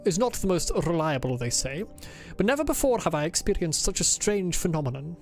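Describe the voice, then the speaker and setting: A woman's voice: lowish voice, big pitch swings, brisk, a little mellow, soft background music. A woman voicing a pompous, insufferable male officer as she reads his game diary aloud in a stiff, formal put-on accent.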